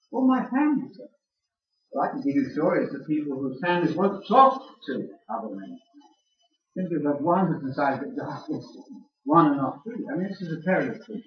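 An older man giving a sermon-style lecture, teasing his audience with questions. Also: on the high side. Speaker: speaker addressing a church audience. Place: large room with an audience. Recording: echoey room, far from mic, dull sound.

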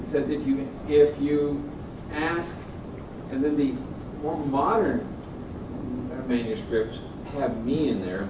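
A man in a casual discussion, asking questions hesitantly and repeating words. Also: medium pitch. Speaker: discussion participant. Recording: roomy, distant mic with background noise.

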